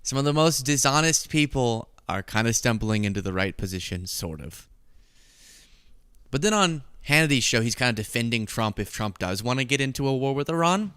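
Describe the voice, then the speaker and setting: A man's voice: mid-range voice, expressive, moderate pace, a bit bright, clear, resonant tone, no echo, studio quality. A man hosting a political commentary show, talking casually in a sarcastic, mocking way and laughing at his own jokes.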